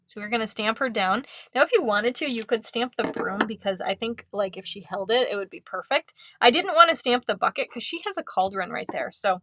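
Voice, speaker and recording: A woman's voice: on the high side, expressive, a little fast, few pauses, pushed and bright, slight background noise. A woman leading a live card-making class, chatty and upbeat, often breaking into giggles. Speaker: craft instructor.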